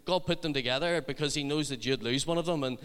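A man's voice: a little high, fast talker, a bit bright, smooth. Male youth preacher, chatty and funny, resonant voice with long hall echo. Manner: humorous, chatty anecdotes. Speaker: youth ministry leader. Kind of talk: sermon storytelling.

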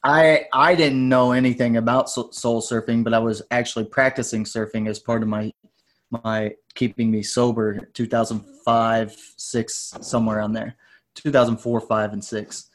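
A man in his forties, a podcast guest, telling stories in a loose, rambling way and jumping into lively voices when he quotes people. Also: medium pitch, moderate pace. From United States. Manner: rambling, tangent-prone, animated when quoting others. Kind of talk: casual storytelling interview.

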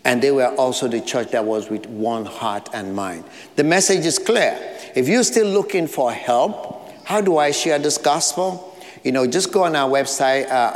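A man's voice: medium pitch, in a large hall. A man with an African accent, preaching a sermon as pastor, earnest, with short repeated phrases and light asides. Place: church sanctuary.

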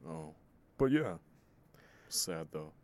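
A young man with a very deep voice, chatting casually about sports. He drops dry, self-mocking one-liners and quick comebacks. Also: sing-song, gravelly, dry recording. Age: young adult. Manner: wry, self-mocking quips. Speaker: podcast co-host.

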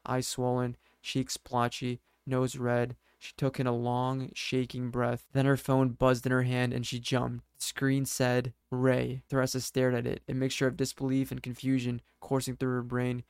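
A man narrating a dark scripted story in a measured, steady reading voice. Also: medium pitch, clean tone, no room sound, clean studio sound.

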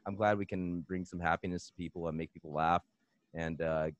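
A man's voice: low voice, steady tone, fairly quick, dry recording, dull audio. A man talking as a guest musician on a podcast, rambling with lots of fillers and repeated "man" and "you know". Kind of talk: casual podcast chat.

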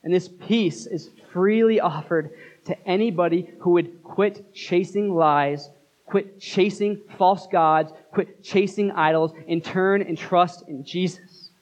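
A man preaching a sermon as pastor, earnest, with dramatic pauses. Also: high voice, darkish tone, lo-fi sound.

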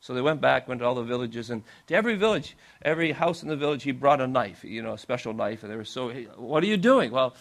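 A male pastor telling a story in a sermon, animated and acting out the people in it. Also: medium pitch, quick pace, vocal fry, hardly any pauses. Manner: animated storyteller, acts out quoted voices.

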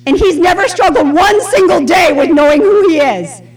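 A middle-aged woman with a Southern US accent teaching a Bible lesson. She talks in an animated way and acts out the quotes she tells. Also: extremely high pitch, moderate pace, crowd noise. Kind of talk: sermon.

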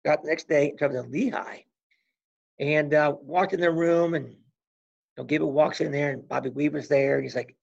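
In a casual storytelling interview, a man in his sixties who once wrestled in college speaks at a moderate pace in a husky, gravelly voice that runs a little high. He animates his tales by acting out past conversations, heard through a dull lo-fi recording.

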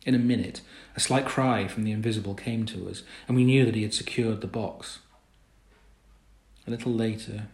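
A man narrating a story in a measured, low-key reading. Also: darkish tone. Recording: roomy echo.

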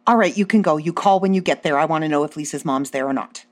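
A woman voicing a strict middle-aged mother who speaks in brisk, firm instructions. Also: low voice, close to an everyday voice.

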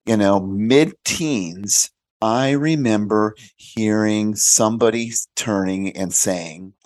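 Man, late 50s, podcast guest; lowish voice, earnest and conversational, stumbles and repeats words. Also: takes it slowly, a little mellow. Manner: earnest, repeats words, tags lines with "right?". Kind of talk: casual chat.

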